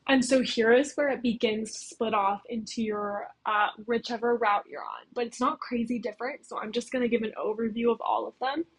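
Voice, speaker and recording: A woman's voice: fairly high pitch, brisk, few pauses, breathy edge, rough recording. A young woman casually recapping a story plot, chatty and full of "like". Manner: chatty, heavy use of "like". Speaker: video essayist.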